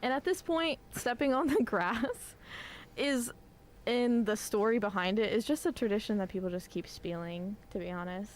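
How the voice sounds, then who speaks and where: A young woman co-hosting a casual college radio chat, chatty and quick to object. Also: medium pitch. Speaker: co-host.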